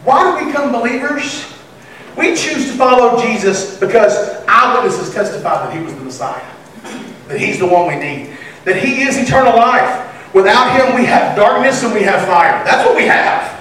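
A high-pitched pastor speaks at a moderate pace, preaching a sermon laced with humor and bursts of excited shouting. His voice reverberates through a very echoey church sanctuary, picked up from afar, with a faint hum below.

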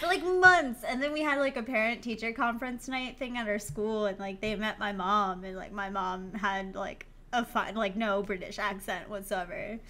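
A woman's voice: mid-range voice, moderate pace, hardly any pauses, bright, forceful tone. A young woman co-host telling a story in casual chat, laughing a lot, swearing and rambling with many fillers. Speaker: podcast co-host.

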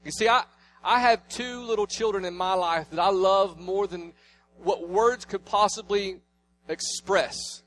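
A man in his thirties preaching a sermon, telling family stories and swinging between loud declarations and hushed asides. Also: sits high, a little slow, a little hiss or hum. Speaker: pastor.

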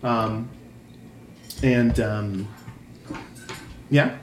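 A man's voice: medium pitch, fairly even intonation, drawn-out words. Man running a tabletop game, rambling narration, echoey room, faint hiss. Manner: loose, many ums and restarts. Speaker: game master.

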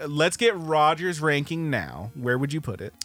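A man's voice: fairly high pitch, big pitch swings, normal speed, a bit bright, faint music behind. A man co-hosting a podcast, laid-back and rambling with casual swearing. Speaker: podcast co-host. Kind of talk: casual chat.

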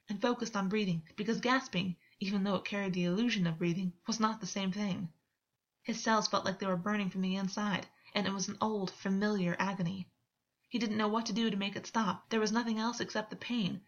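A woman reading fan fiction aloud, with calm, steady storytelling. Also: mid-range voice, dull audio. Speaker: audiobook reader.

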